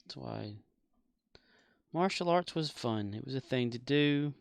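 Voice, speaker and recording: A man's voice: mid-range voice, animated, measured pace, gravelly, no room sound, clean studio sound. A man streaming a game, chatting casually with rambling, self-mocking jokes. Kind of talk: casual live-stream chat while gaming.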